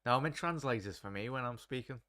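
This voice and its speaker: A man's voice: medium pitch, expressive, fast, sharp tone, no room sound, studio quality. A young man hosting a live match watchalong, commentating casually and chatting to viewers. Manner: chatty, laddish, reads chat aloud. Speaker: watchalong host.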